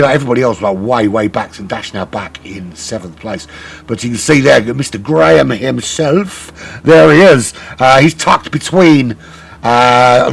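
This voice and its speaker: A man's voice: mid-range voice, creaky, slightly rough. A man commentating a sim race live, chatty and rambling, often correcting himself.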